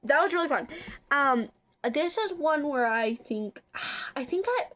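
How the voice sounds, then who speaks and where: A chatty young woman with a slightly high voice talks casually to her viewers. She rambles, trips over her words and fills gaps with likes and ums. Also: lively intonation, a little slow, a bit bright. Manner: rambling, chatty, frequent filler words and restarts. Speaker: vlogger. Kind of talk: casual chat.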